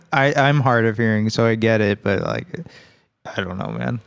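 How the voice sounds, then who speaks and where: A man's voice: fairly low pitch, normal speed, vocal fry, smooth, no echo. A man co-hosting a podcast, chatting casually about a film in a rambling way and swearing now and then. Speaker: podcast co-host.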